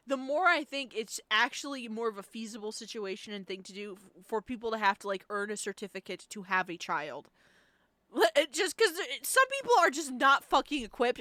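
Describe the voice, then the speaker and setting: A woman streamer giving blunt, profane, animated commentary as she reacts to a video on a close microphone. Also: fairly high pitch, dry recording. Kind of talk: casual live-stream commentary.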